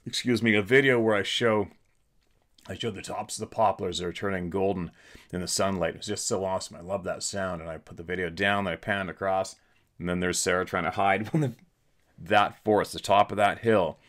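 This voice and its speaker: A middle-aged man with a very low voice tells a story in a casual, blunt way. He hammers his points home and repeats himself for emphasis, like a podcast host talking straight to his listeners. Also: fairly even intonation, brisk, fairly bright tone.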